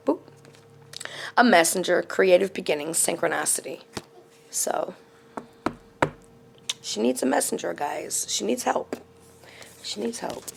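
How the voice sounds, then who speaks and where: A middle-aged woman who hosts a channel gives a casual tarot reading in a gravelly, mid-range voice over a noisy background. She is blunt and outspoken, shifting from murmurs into animated storytelling.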